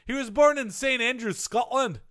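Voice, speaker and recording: A man co-hosting a comedy podcast, reading out trivia and cracking deadpan jokes. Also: very high-pitched, moderate pace. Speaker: co-host.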